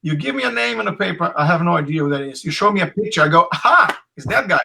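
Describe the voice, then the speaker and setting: A man's voice: fairly high pitch, lively intonation, rapid-fire, vocal fry, pushed and bright, a little hiss or hum, poor audio. A middle-aged man from Essex with an Essex accent, chatting as a guest instructor over a video call, telling stories with lots of restarts. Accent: Essex English. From England. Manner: chatty, storytelling with acted quotes, frequent restarts. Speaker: Krav Maga instructor, guest.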